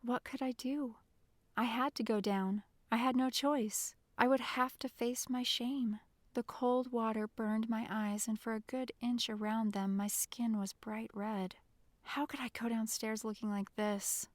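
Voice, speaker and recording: High, dry-voiced woman narrating. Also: steady tone, a little slow, dry recording. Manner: emotional, soft-spoken storytelling. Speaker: audiobook narrator. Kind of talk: scripted first-person narration.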